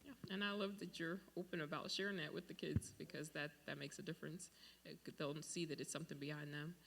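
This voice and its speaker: A man's voice: a little high, fast, vocal fry, slight background noise. A man who works as a school administrator, talking earnestly in a casual podcast discussion and acting out what he says to children. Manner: earnest, animated storytelling with acted-out quotes.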